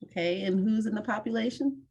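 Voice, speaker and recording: A woman runs an online mentoring session over a video call. She gives instructions in a friendly, direct way at a middle pitch and pauses on fillers now and then. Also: a little mellow, slightly rough.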